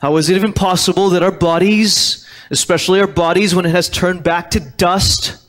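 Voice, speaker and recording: Preaching in a church sanctuary, a male pastor speaks in a high, fairly bright voice, keeping his intonation fairly even and his pace moderate. He stresses and repeats key words while citing scripture in the old King James wording.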